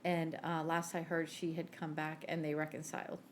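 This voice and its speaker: A woman with a fairly low voice tells a personal faith story on a podcast. She is an animated storyteller who acts out the back-and-forth of her conversations. A faint hiss sits under her voice. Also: normal speed. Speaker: podcast co-host.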